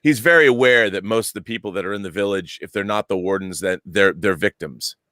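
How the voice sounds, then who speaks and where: A man's voice: fairly low pitch, fairly quick, sharp tone, no echo, clean studio sound. A man guesting on a casual discussion, joking and laughing often.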